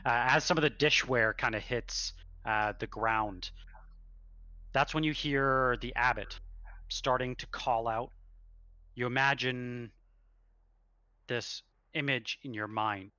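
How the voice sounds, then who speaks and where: Slow, halting male game master. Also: mid-range voice, steady tone, sharp tone, no echo, lo-fi sound. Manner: halting, searches for words. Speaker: dungeon master. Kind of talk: narrating a tabletop game.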